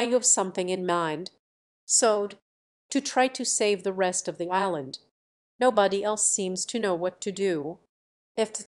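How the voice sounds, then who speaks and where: A nervous young male lieutenant who stammers and defers to his superior, as a woman reader puts him on. He speaks haltingly, in the measured tone of an audiobook. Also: mid-range voice, darkish tone, close to an everyday voice. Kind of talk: audiobook reading.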